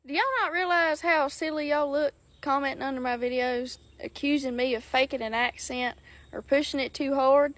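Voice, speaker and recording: A woman from South Alabama with a strong Southern accent speaks in a high, bright voice. She rants bluntly and sassily at her commenters, folksy and unapologetic. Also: fairly even intonation, normal speed, no room sound. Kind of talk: outspoken social media rant.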